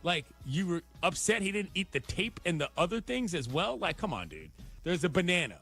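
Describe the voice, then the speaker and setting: A man co-hosting a radio show, riffing on news stories with animated, sarcastic jokes. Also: high voice, fairly quick, creaky, husky, faint music behind. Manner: animated, wisecracking, sarcastic riffs. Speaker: radio co-host. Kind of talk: jokey sports radio banter.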